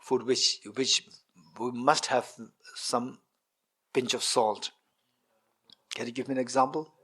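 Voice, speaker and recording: A man's voice: medium pitch, slow pace, slightly rough. A middle-aged man, a Buddhist teacher giving a dharma talk to a retreat group, repeating his points and asking the audience questions. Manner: repetitive, questioning the audience, animated with gestures. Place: meditation centre hall.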